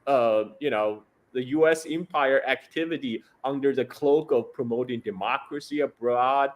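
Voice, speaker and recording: A male guest commentator rants casually about politics in a language other than English, restarting often and repeating words. His voice is mid-range and his pace moderate.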